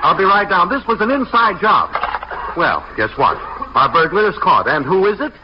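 A harried young husband full of wry, quick wisecracks, his voice a touch high and very lively. It's an old radio comedy with a dull, lo-fi sound and a faint hiss. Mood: scheming. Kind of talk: 1940s radio comedy acting.

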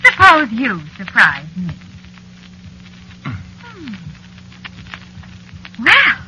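A woman's voice: a little high, huge pitch swings, extremely slow, slight background noise, full character voice, poor audio. A sly, jealous witch wife. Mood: coy. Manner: teasing, coy, softly threatening. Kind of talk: old-time radio drama acting.

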